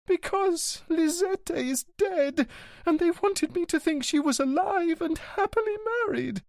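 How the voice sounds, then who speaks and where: Senhora idosa siciliana, emotiva e insistente, na voz de um homem, tom alto e suplicante, som seco. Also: male voice, animated, measured pace, vocal fry, no echo, clean studio sound, full character voice. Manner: high, pleading, tearful outbursts. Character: elderly Sicilian headmaster's wife, emotional, insistent.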